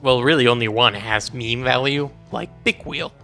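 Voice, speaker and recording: A man giving a comics video essay, ranting in an exasperated, animated way. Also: medium pitch, moderate pace. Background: faint background music.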